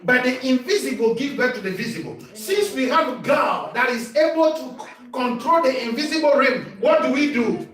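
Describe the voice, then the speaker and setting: A man preaching a sermon as bishop, calling for responses from the congregation and rising to shouts. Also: very high-pitched, normal speed. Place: church hall. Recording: echoey church sound from far off.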